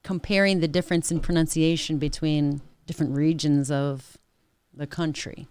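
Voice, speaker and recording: A woman's voice: deep voice, steady tone, normal speed, darkish tone, clean tone, dry recording. A woman in casual podcast conversation, chatty and fond of imitating accents. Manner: chatty, drops into mimicked accents. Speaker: podcast co-host.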